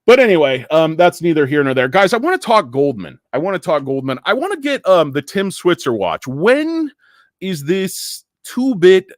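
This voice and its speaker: Middle-aged man, stock show host; animated, swinging ranting delivery, jokey and crude, dry close-miked sound. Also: fairly high pitch, fairly quick, hardly any pauses, dry recording. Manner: rambling, jokey, profane ranting with tangents. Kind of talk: ranting livestream commentary.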